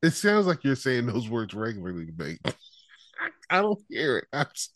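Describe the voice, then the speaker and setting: A man co-hosting a casual wrestling podcast, animated and quick to laugh and mimic people. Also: medium pitch, no room sound. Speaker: podcast co-host.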